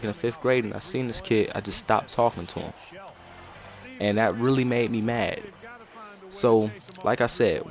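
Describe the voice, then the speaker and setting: A man's voice: on the low side, darkish tone. A young man, telling a loose, rambling childhood story as casual gameplay commentary. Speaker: gaming commentator.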